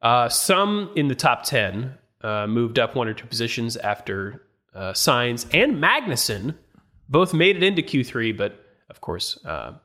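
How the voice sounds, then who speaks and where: A man co-hosting a podcast, chatting casually and reading through a list of starting positions with measured pauses. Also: mid-range voice, sing-song, pushed and bright. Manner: reads lists with measured pauses. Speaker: podcast co-host. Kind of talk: casual chat and reading a race grid.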